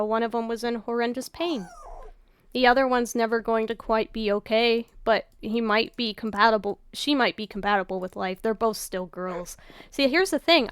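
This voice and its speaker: A woman rambling over gameplay in a loose, casual vlog, her voice sounding raw and worn out. She drifts between thoughts, trails off and swears offhandedly, at a middling pitch for a woman. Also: a bit bright, smooth, dry recording. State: raw, tired voice. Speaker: gaming YouTuber.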